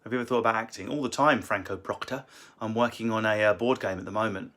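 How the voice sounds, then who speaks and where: A man's voice: on the low side, fast talker, a bit bright. A man who is a comedian, casually answering viewer questions from a room at home with cheeky, crude banter. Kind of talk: casual live Q&A.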